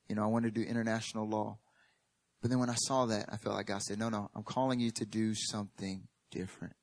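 A man preaching a sermon as a pastor. He tells a personal story with humor and emphatic repetition, and sometimes drops to a quiet, earnest tone. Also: medium pitch.

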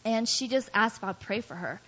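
Brief: woman, slightly high voice, candid self-deprecating church testimony, muffled lo-fi recording. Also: brisk, a bit bright, husky. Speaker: guest speaker giving testimony. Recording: dull lo-fi recording.

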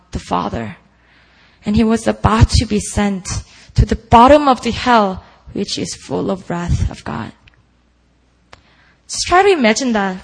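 Slow, gravelly woman preaching earnestly. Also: mid-range voice, rough recording. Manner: earnest, asks the listeners many rhetorical questions. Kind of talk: sermon at a prayer meeting.

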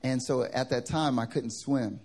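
A male pastor from the American South, preaching a sermon through funny personal stories, animated and joking. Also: medium pitch, a little slow, a little hiss or hum. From Southern United States. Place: church service.

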